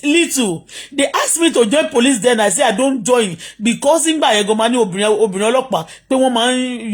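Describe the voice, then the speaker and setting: A middle-aged Nigerian vlogger with a Yoruba accent speaks quickly into a phone on a live stream. The voice is somewhat husky, and the talk is an indignant rant that switches between English and Yoruba and keeps asking listeners whether they understand. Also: mid-range voice. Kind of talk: impassioned livestream rant.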